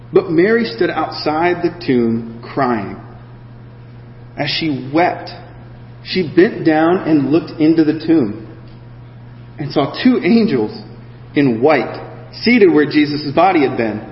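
A man preaching a sermon, reading scripture and then talking it through in a lively, animated way, acting out the voices he quotes. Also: on the high side. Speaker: pastor. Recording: echoey hall, dull sound.

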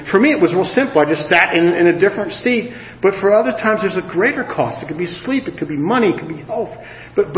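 A man in his sixties preaching a sermon, telling a personal story in an animated, self-mocking way. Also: sits high, slight background noise. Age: 60s. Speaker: pastor. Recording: roomy hall, dull lo-fi sound.

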